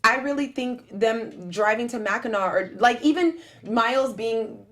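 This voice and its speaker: A woman's voice: fairly high pitch, normal speed, a bit bright. Earnest woman host sharing inspiration. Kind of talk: casual chat.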